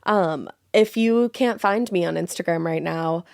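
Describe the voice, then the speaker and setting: A woman's voice: lowish voice, a little slow, gravelly, darkish tone, no echo, clean studio sound. A woman co-hosting a true-crime podcast, chatting casually and swearing with a wry edge. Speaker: podcast co-host.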